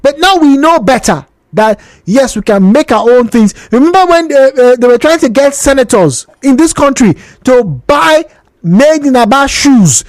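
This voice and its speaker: A woman with a Nigerian accent hosting a radio talk show, opening it with a lively monologue and questions for the listeners. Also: high-pitched, moderate pace, dry recording. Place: radio studio. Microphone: studio microphone.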